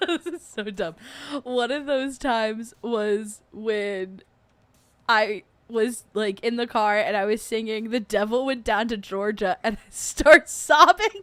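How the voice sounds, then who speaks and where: A woman's voice: fairly high pitch, slow, fairly bright tone, dry recording. A woman hosting a casual livestream chat, rambling with lots of fillers and laughing often as she gets emotional. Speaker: podcast host.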